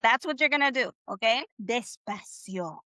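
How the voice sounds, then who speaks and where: A woman teaching Spanish in a live online class, upbeat and encouraging, slowly drilling phrases with her students. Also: high-pitched, animated, pushed and bright, no room sound.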